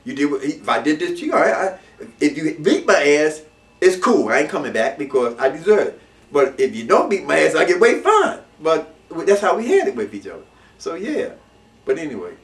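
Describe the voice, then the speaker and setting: Animated fast-talking man, roomy and distant. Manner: swings between low muttering and loud emphatic outbursts, street slang. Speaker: interviewee recounting his past. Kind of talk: animated storytelling. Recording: roomy echo, mic at a distance.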